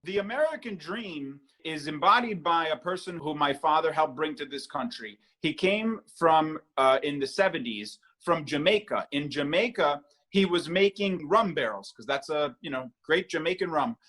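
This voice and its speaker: A man's voice: fairly high pitch, animated, moderate pace, few pauses, fairly bright tone. A man who is a guest artist, answering interview questions in an earnest storytelling way.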